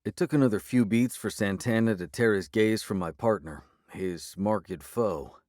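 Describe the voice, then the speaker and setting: A man narrating an urban fantasy audiobook in the first person, measured and steady. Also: lowish voice, dry recording, clean studio sound.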